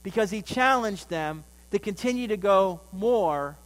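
A man's voice: high voice, animated, unhurried, a bit bright. A male pastor delivering a sermon in a church, telling a story and then building to emphatic peaks. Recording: long hall reverb.

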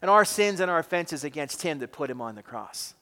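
A male pastor preaching a sermon with emphatic delivery, swinging between loud stresses and quiet drops, recorded with an echoey hall reverb. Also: on the high side, expressive, brisk.

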